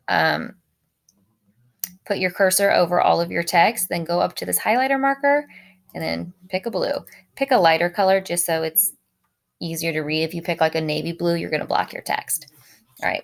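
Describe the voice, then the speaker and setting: A woman teacher walking students through a poem, reading its lines slowly and explaining them briskly. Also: fairly low pitch, fairly even intonation, creaky, fairly bright tone. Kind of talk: recorded poetry lesson walkthrough.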